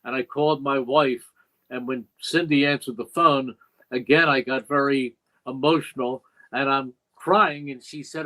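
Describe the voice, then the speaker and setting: A man's voice: mid-range voice, moderate pace, sharp tone, low-quality recording. Older man, veteran radio broadcaster, interview guest, reflective anecdotes. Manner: reflective, emotional retelling with quoted dialogue. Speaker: longtime play-by-play broadcaster, guest. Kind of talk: interview storytelling. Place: podcast studio.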